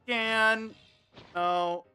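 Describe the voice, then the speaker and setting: A streamer playing a clunky helper robot that beeps and boops as it fetches things. The voice is flat and deadpan, slow and a little soft. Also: medium pitch, clear, resonant tone, soft background music. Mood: goofy robotic. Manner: monotone beeping sound effects, deadpan. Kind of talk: goofy improvised voice on a game stream.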